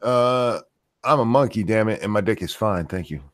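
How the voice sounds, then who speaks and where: A low-voiced man co-hosts a casual live show. His pitch swings widely as he answers with dry, joking one-liners. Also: animated, normal speed. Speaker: co-host. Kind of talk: casual livestream chat.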